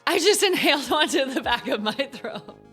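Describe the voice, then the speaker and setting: A woman's voice: high-pitched, expressive, normal speed, fairly bright tone, soft background music. Giggly young woman streamer. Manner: giggly, chatty with chat. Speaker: gaming streamer. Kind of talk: casual game commentary.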